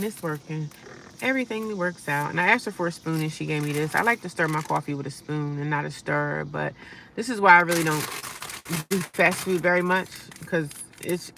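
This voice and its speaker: Chatty gravelly-voiced woman in her car. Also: low voice, distant mic, noisy background. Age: middle-aged. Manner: chatty, upbeat, self-encouraging, sassy asides. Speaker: vlogger living in her car. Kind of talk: casual live-stream chat. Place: inside her parked car. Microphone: phone.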